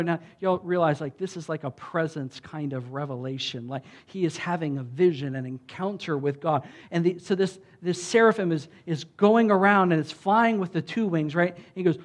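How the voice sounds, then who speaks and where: A man giving a sermon as a pastor. He talks in a loose, conversational way, often saying "like" and "right?", and gets loud and emphatic when he reads scripture aloud. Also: on the high side, normal speed, hardly any pauses. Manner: conversational preaching with frequent "like" and "right?".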